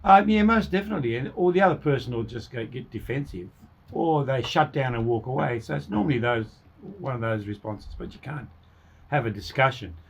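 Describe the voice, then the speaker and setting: A man's voice: medium pitch, brisk, vocal fry, slightly rough. Rambling male radio co-host. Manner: rambling, acts out quoted insults. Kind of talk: casual radio chat about conflict. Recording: radio studio.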